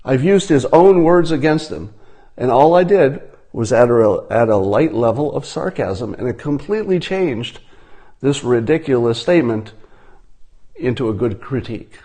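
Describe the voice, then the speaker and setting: A man giving a deadpan satirical monologue, mock-instructional and ironic in tone. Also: mid-range voice, moderate pace. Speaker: commentator.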